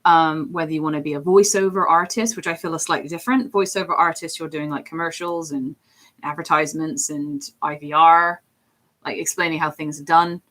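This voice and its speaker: A woman with a slightly low voice chats through a casual stream. She rambles from one thought to the next and keeps slipping into quick put-on voices. She sounds like a working voice actor talking shop. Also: fairly even intonation, a bit bright. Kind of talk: casual chat while drawing on stream.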